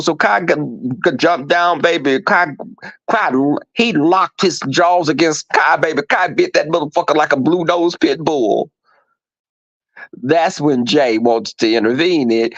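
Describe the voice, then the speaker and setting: A man hosting a livestream, telling stories to his viewers in an animated, profane way and acting out the voices in them. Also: fairly high pitch, measured pace, vocal fry, no room sound, muffled recording. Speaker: livestream host reading chat. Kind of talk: casual storytelling to viewers.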